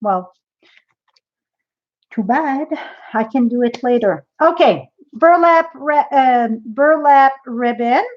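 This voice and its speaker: A woman's voice: high-pitched, expressive, takes it slowly, pauses often, dull audio. A woman demonstrating a craft project in a live tutorial, chatty and thinking aloud as she works.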